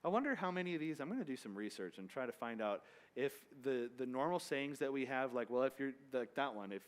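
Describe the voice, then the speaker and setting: A man's voice: medium pitch, lively intonation, a little fast. A man leading a Bible study, teaching in a loose, conversational way with asides and restarts. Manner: casual, rambling with restarts and asides.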